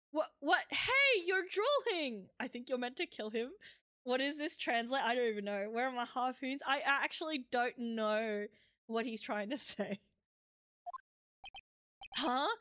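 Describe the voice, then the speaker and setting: A woman's voice: sits high, a bit bright, a little hiss or hum. A young woman streaming a game live, reading its dialogue aloud in a flustered, giggly way.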